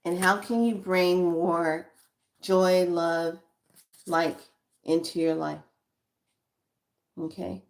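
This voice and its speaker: A woman giving a guided spiritual card reading, slow and reflective, repeating her questions to the listener. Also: on the low side, fairly even intonation, gravelly.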